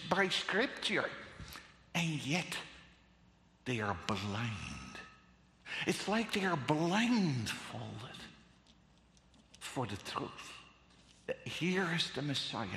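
A man preaching a sermon, dramatic and emphatic, swinging between loud and hushed delivery. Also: high-pitched. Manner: slow and emphatic, with long pauses. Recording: echoey hall.

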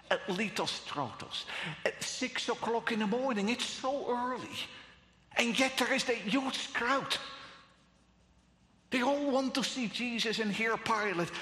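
A man preaching a sermon, dramatic and emphatic, swinging between loud and hushed delivery. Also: a little high. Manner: slow and emphatic, with long pauses. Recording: echoey hall.

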